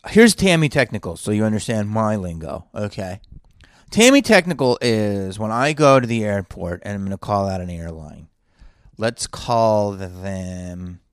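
A podcast host records a solo episode from a hotel room, telling a rambling, digressive story full of profanity and sighs. His voice is on the low side, captured in a dry, studio-quality recording.

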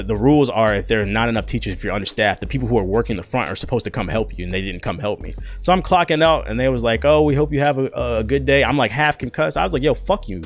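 A young man and content creator telling a personal story in a casual, profane, slangy way. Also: fairly low pitch.

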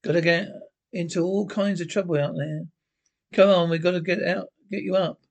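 A brash street hustler, as a male reader puts him on, raises his voice high and pushes hard in slangy talk. It is a one-man script reading. He sounds loud and eager. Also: steady tone, moderate pace, gravelly. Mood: urgent. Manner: pushy, slangy, urging.

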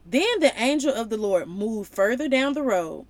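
A woman giving a casual, slangy Bible lesson in an animated way, slipping into playful voices. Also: a little high, normal speed, dry recording. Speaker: Bible teacher.

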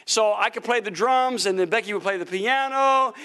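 A middle-aged man, a pastor, telling animated stories from the pulpit during a sermon, breaking into laughter and shouts at the punchlines. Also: high voice, moderate pace, clean tone. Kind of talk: sermon storytelling. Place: church sanctuary.

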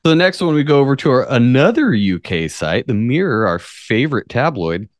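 A man's voice: medium pitch, big pitch swings, fairly quick, dry recording, clean studio sound. A man from the United States hosting a casual podcast, reading news stories aloud with sarcastic, profane asides. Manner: profane, jokey, reads articles with sarcastic asides. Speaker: podcast host.

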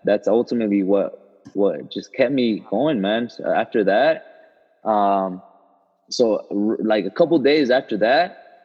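Low-voiced young man telling a story. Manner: loose, halting storytelling with many fillers and restarts. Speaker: guest, former college soccer player. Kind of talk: casual storytelling interview. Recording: roomy, slightly muffled sound.

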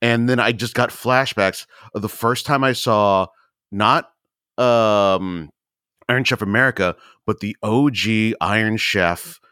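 A man in casual podcast chat, telling stories with animated asides and quoted reactions. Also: a little slow, clean tone, no room sound, studio quality. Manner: animated storyteller, jumps high when quoting himself. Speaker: podcast co-host.

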